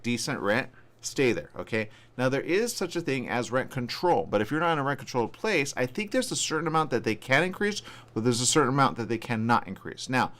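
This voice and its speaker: A man's voice: mid-range voice, fairly bright tone. A man hosting a radio morning show, chatting casually, laughing often and reading listener posts aloud.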